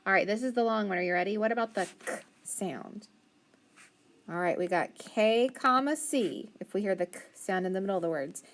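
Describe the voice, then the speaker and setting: Encouraging woman teaching phonics. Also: mid-range voice. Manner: patient, encouraging, sounds words out slowly. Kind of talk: phonics lesson for children.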